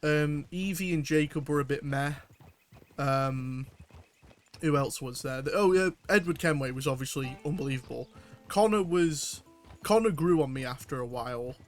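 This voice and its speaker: Chatty northern English man, fairly high voice. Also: moderate pace, faint music behind. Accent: northern English, Mancunian with some Scouse. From England, near Manchester. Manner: rambling and chatty, many fillers and restarts. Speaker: streamer. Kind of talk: casual gameplay chat with viewers.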